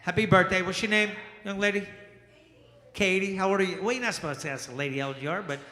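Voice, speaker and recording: A man performing a stand-up comedy set in a small jazz lounge, bantering with the crowd in an animated way. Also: high voice. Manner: animated, crowd-work banter with quick asides. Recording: echoey room with long reverb.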